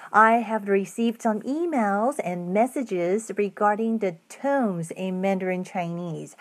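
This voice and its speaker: A woman teaching a Mandarin lesson, modeling each tone with exaggerated pitch swoops. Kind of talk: slow, patient language lesson.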